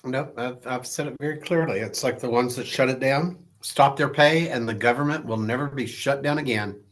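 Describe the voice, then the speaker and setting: A man's voice: medium pitch, normal speed. A man co-hosting a political podcast, speaking bluntly and stumbling over names as he reads items aloud. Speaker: podcast co-host. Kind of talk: casual political chat.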